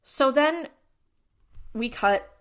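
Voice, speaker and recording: A woman co-hosting a podcast, retelling episodes in casual chat and acting out quick character voices. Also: sits high, animated. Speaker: podcast co-host.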